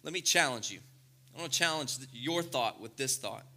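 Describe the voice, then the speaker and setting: Bright, animated male pastor preaching. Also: medium pitch, moderate pace. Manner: animated preaching, swinging between loud and hushed. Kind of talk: sermon.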